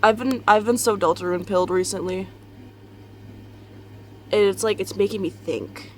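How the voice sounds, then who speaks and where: A woman's voice: mid-range voice, normal speed, slight background noise. Rambling young woman vlogging from bed. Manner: rambling, candid, frequent swearing and laughter. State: tired, just out of bed. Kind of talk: casual confessional vlog. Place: bedroom at home.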